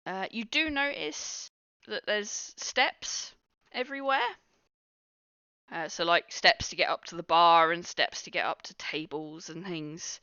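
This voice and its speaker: A woman narrating a tabletop game as game master, describing scenes in a relaxed way with many fillers. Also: on the low side, unhurried, clear, resonant tone, dry recording. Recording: muffled dry recording.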